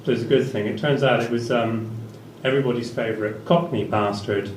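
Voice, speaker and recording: A man's voice: medium pitch, steady tone, fairly quick, a little hiss or hum. A man performing a stand-up comedy set in a small venue, rambling in a dry tone with fillers. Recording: echoey venue, picked up from a distance, faint ambience.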